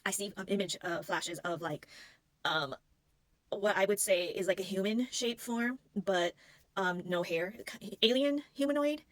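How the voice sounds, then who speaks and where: A woman's voice: medium pitch, measured pace, a bit bright, no echo, poor audio. A woman who works as a spiritual healing practitioner, telling a personal story in an earnest, rambling way and often searching for words. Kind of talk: casual personal storytelling to camera.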